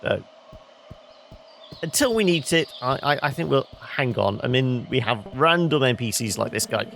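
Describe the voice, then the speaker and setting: Bright-voiced man chatting over gameplay. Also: medium pitch, big pitch swings, normal speed, gravelly, a little hiss or hum. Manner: rambling, self-correcting, wry. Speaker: gameplay video host. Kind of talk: let's play commentary.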